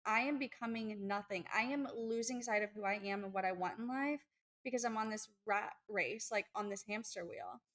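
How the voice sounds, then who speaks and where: A young woman co-hosting a podcast, telling personal stories in a chatty, animated way. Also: medium pitch, moderate pace. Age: young adult. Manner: chatty, animated storytelling with acted-out quotes. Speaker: podcast co-host. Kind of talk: casual podcast chat.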